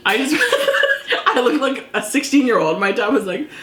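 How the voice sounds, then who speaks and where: A woman hosting a casual chat, telling a story in an animated, giggly way. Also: on the high side, a little slow, a little hiss or hum. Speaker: channel host. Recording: echoey room.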